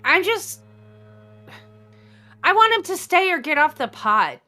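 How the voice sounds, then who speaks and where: A woman's voice: very high-pitched, big pitch swings, takes it slowly, pushed and bright, soft background music. A woman co-host in casual panel chat, talking animatedly and building into emphatic pleas. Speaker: podcast co-host.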